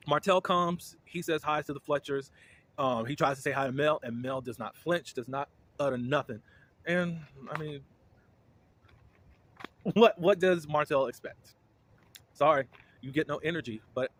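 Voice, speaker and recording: Opinionated man recapping reality TV. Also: fairly high pitch. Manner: animated, opinionated, laughs often. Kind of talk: casual episode recap.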